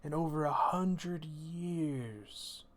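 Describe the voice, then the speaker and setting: A man voicing an old male dwarf king who is fond of drink, speaking slowly and grandly. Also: fairly high pitch. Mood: gruff.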